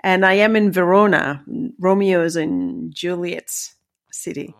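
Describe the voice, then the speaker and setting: A woman from Italy with an Italian accent, a leadership coach answering interview questions warmly and laughing easily. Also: fairly low pitch, slow pace. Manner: warm, laughs easily, polite. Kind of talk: interview conversation.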